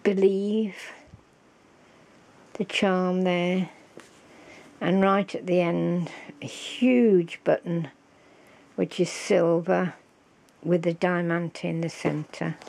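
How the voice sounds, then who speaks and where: A woman, slow and fond, showing off a handmade craft gift on her vlog and gasping with delight. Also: on the low side, flat delivery, vocal fry, a little mellow. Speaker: crafting vlogger. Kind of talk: casual show-and-tell of a craft gift.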